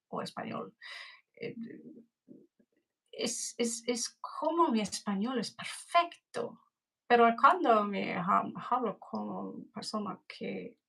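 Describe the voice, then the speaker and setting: A woman giving a chatty, rambling tarot reading on a live stream. She talks slowly, and her voice has a gravelly fry. Her pitch sits at an ordinary middle level. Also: fairly bright tone, poor audio. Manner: rambling, chatty, greets viewers and mixes in Spanish. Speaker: tarot reader.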